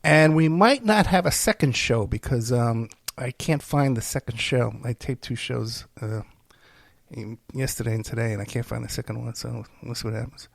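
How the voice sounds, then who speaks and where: In a casual solo monologue, a middle-aged podcast host rambles self-deprecatingly and sounds tired and unwell. He speaks at a normal speed in a mid-range voice with vocal fry, and there's no room sound.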